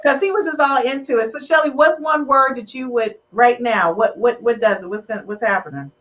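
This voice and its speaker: A woman's voice: on the high side, fairly quick, fairly bright tone, dull audio. A woman hosting a live relationship podcast, teasing her guests and getting emotional. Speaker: podcast host.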